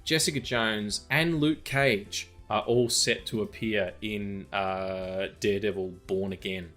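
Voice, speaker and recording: A man's voice: lowish voice, fairly even intonation, measured pace, a bit bright, soft background music. A man co-hosting a podcast, chatting casually about film news with lots of fillers, restarts and tangents. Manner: rambling, full of fillers and tangents. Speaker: podcast co-host.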